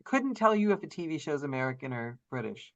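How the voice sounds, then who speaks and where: A woman's voice: low voice, very animated, highs cut off. A woman hosting a podcast in casual conversation, jumping in with encouraging remarks and questions. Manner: encouraging, quick interjections and questions. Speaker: podcast host.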